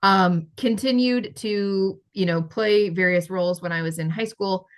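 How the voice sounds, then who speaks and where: A woman's voice: mid-range voice, unhurried. A young woman co-hosting a podcast, casually telling stories in a bubbly, giggly way. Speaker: podcast co-host. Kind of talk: casual chat.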